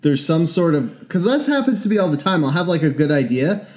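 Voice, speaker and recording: A man's voice: on the high side, sing-song, brisk, a little mellow. A young man co-hosting a podcast, rambling and joking in casual chat, often trailing off into fillers. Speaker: podcast co-host.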